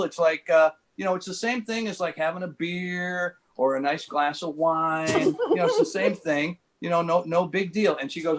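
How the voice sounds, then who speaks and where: Male stand-up in his sixties on a video call, voice a touch high, meandering delivery full of fillers and deadpan self-mocking punchlines. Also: normal speed, few pauses, a little hiss or hum. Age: 60s. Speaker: comedian guest. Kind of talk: stand-up storytelling.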